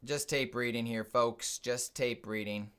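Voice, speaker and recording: A man's voice: mid-range voice, steady tone, unhurried, a bit bright, clear, resonant tone. A man hosting a live trading stream, casually thinking aloud and explaining his moves as he watches the charts.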